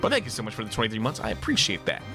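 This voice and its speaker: In casual stream chat over game music, a man plays a video game with plenty of laughter and free swearing. His lowish voice swoops wildly in pitch and comes out rapid-fire, gravelly, bright and forceful.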